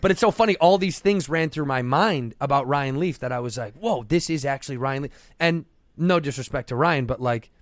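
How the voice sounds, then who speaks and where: A man and guest comedian telling a profane, animated story in casual chat on a studio podcast mic. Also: medium pitch, fairly quick, dry recording. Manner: animated, profane, acts out quoted voices.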